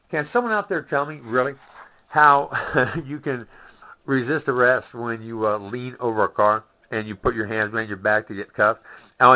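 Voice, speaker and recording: A man's voice: mid-range voice, bright, forceful tone, highs cut off. A man telling a rambling story in a profane, ranting monologue, full of asides and curses. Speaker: vlogger.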